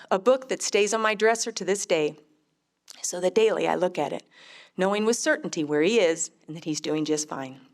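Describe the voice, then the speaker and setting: A middle-aged woman, a mother, telling her faith testimony in an earnest, heartfelt, measured way. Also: on the low side. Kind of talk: personal testimony storytelling.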